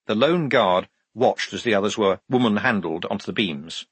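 A male audiobook narrator telling the story with lively expression. His husky voice roams widely in pitch, and the recording is dry and close with no room sound. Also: moderate pace, few pauses, no room sound. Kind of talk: scripted narration.

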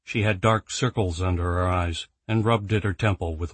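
A man narrating an audiobook in an even, measured storytelling voice. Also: sits low, no room sound. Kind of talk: scripted narration.

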